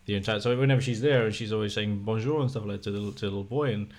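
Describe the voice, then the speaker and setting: A man's voice: on the low side, very fast, a little mellow. A man talking as a guest in a casual podcast chat, laid-back and rambling.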